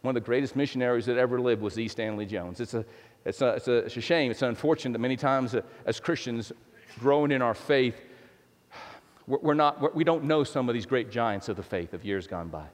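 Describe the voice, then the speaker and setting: A pastor with a medium-pitched voice preaches briskly in a church sanctuary, the big hall giving long reverb. His sermon style is conversational, with frequent restarts and playful asides.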